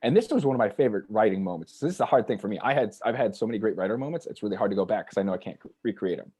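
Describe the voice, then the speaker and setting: A man's voice: on the low side, lively intonation, racing, mellow, husky. A man telling stories in casual conversation as a guest, rambling and acting out the voices of people he quotes. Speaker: author and journalist guest.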